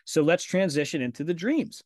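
A man's voice: on the high side, animated, a little fast, darkish tone, no echo, clean studio sound. A man hosting a podcast in casual conversation, telling stories candidly with frequent swearing and acted-out quotes. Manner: candid and profane, acts out quoted dialogue in storytelling. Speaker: podcast host.

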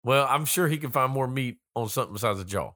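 A man's voice: medium pitch, lively intonation, fast talker, pushed and bright. A man co-hosting a casual chat, blunt and skeptical, swearing freely and riffing jokes. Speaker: podcast co-host.

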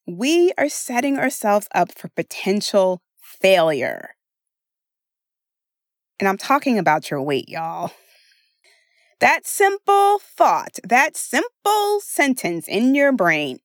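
An American woman hosting a solo podcast as a weight-loss coach, chatty and expressive, often laughing as she talks. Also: on the high side, takes it slowly, no echo, clean studio sound.

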